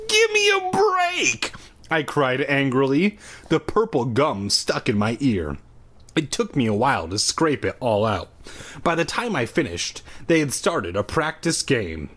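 A man at home doing a comic reading of a children's book, lively and breaking off into crude sarcastic asides. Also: mid-range voice, slightly rough. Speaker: reader.

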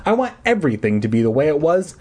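A man's voice: sing-song, fast talker, mellow. A man voicing an eager young schoolgirl in a raised, breathless voice. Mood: hesitant. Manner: high and breathless.

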